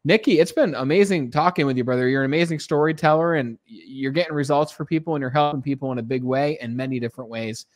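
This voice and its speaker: A man's voice: medium pitch, fast talker, few pauses. A male podcast host wrapping up an interview, enthusiastic and full of praise. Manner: enthusiastic, short affirmations.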